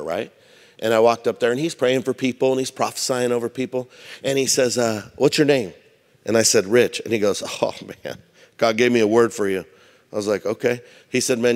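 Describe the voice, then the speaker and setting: Male pastor, casual storytelling sermon with jokes, reverberant church hall. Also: mid-range voice. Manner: conversational preaching, humorous asides.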